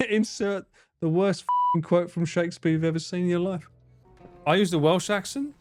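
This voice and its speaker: A man's voice: high voice, moderate pace, a little mellow, soft background music. A man in his thirties live streaming, joking and swearing in casual banter with his chat.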